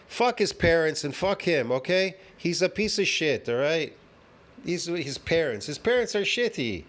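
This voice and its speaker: Man, heated profane rant, repetitive, swearing constantly, slightly high voice. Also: sing-song, measured pace, fairly bright tone. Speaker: fitness commentator reacting to a video.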